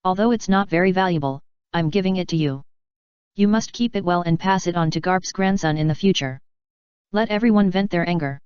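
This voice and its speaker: Woman voicing a boastful male pirate captain, low, smooth, dry lo-fi audio. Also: fairly quick, a little mellow, dry recording, lightly acted.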